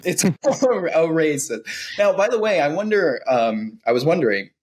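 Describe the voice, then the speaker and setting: A man's voice: a little high, very animated, moderate pace, a little mellow. A man co-hosting a comedic podcast, riffing and rambling through jokes in casual chat. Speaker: podcast co-host.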